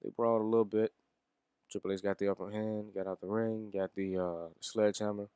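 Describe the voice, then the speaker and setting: Casual, profane low-voiced man reviewing wrestling. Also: level tone, fairly quick, mellow, clean tone, dry recording, studio quality. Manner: rambling, profane, chuckling.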